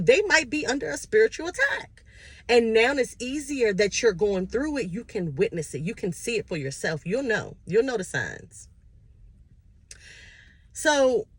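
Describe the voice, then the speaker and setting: Woman in her car talking faith stuff, husky breathy voice, earnest and chatty. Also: on the low side, dry recording. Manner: earnest, conversational, personal testimony. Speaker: spiritual vlogger. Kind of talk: casual motivational talk. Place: inside a car while driving.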